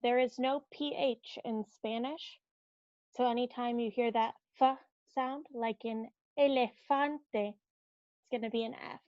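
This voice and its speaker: A woman teaching the Spanish alphabet, saying each word slowly and repeating it for learners. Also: a little high, fairly even intonation, darkish tone, no echo. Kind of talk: slow alphabet pronunciation lesson. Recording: dull lo-fi dry audio.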